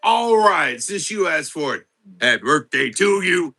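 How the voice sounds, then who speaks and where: A middle-aged man runs a laid-back live stream, chatting with viewers, greeting them by name and answering their questions. His voice is slightly high, very lively, a bit slow, and sounds pushed and bright.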